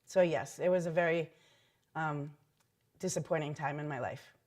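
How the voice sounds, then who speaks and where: A woman's voice: sits low, fairly even intonation, moderate pace, a little mellow. A middle-aged woman, a former team mascot, recounting mishaps in a chatty oral history interview with frequent ums and likes. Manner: chatty anecdotal telling with many ums and likes.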